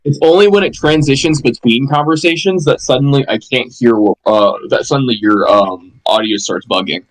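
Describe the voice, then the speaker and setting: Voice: medium pitch, normal speed, rough recording. A co-player chatting casually during a game playthrough, rambling and explaining at length.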